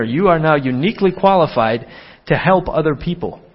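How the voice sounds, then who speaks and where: A man's voice: animated, normal speed, dull audio. A man preaching an earnest sermon, voicing quoted dialogue with a lifted, more urgent tone. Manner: earnest, acts out quoted dialogue with rising pitch.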